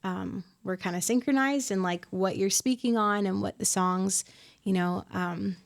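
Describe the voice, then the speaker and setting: A woman in her twenties, a worship pastor being interviewed on a podcast, talking in a reflective, soft-spoken way with many fillers. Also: medium pitch, fairly even intonation, a little slow, gravelly. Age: 20s.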